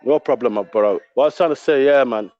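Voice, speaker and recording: A man's voice: medium pitch, fast talker, no echo, muffled recording. A man from Somaliland, a panelist on a live call-in stream, arguing heatedly and repeating his questions insistently. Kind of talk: heated debate.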